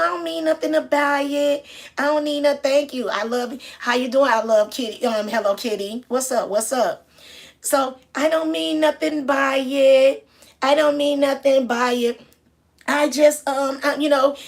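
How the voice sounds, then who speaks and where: A woman telling a story casually and greeting viewers as she goes. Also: mid-range voice. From Detroit. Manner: chatty, shouts out viewers mid-story. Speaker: vlogger.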